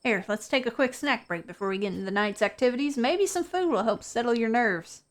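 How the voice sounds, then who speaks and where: A woman's voice: on the high side, expressive, brisk, lightly acted. A woman voicing a cheerful young hiker and cryptid hunter who talks in a chatty, reassuring way.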